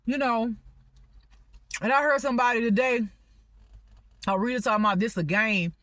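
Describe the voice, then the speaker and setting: High-voiced woman, off-the-cuff vlog rant, rambling, agitated, profane, pleading. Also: normal speed, a bit bright, dry recording. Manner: rambling, agitated, swears often; pleading, exasperated outbursts. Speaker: spiritual vlogger. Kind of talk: unscripted venting monologue.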